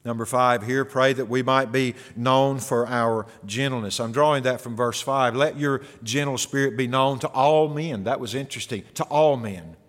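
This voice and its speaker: A man's voice: medium pitch, moderate pace, hardly any pauses, a bit bright. Man preaching in a reverberant hall. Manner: earnest preaching with rhetorical questions. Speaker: pastor. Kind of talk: sermon. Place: church sanctuary.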